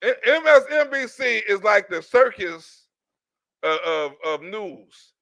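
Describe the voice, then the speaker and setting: A man's voice: sits high, sing-song, slow, a bit bright, no room sound. A man hosting a casual commentary stream, mocking and profane, laughing often. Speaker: stream host.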